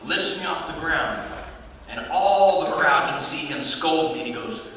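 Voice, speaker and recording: A man from Texas tells loose, profane stories on a convention panel stage, laughing as he goes. His voice reaches the mic from a distance and rings through a big, echoing hall. Steady crowd noise sits underneath. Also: fairly high pitch, measured pace. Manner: profane, laid-back storytelling with laughs. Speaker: panel guest. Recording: echoey hall recorded from far off.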